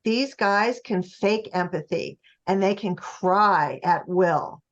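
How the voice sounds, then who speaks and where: Woman, interview guest, emphatic explainer, mid-pitched, slightly dull lo-fi sound. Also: slow. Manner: emphatic, acts out quoted voices while explaining. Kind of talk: conversational interview. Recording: slightly muffled lo-fi audio.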